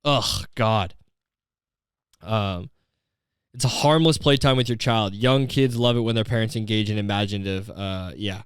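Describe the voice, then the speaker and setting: A man's voice: lowish voice, steady tone, normal speed, clear, resonant tone, dry recording, clean studio sound. A man hosting a comedy podcast, riffing sarcastically and profanely and drifting into bits. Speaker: podcast host. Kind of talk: comedic commentary.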